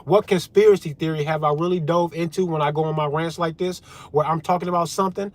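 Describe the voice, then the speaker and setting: A man's voice: fairly high pitch, fairly even intonation, fast. A man ranting straight at his viewers in a casual commentary, fired up and swearing freely. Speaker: political commentary vlogger.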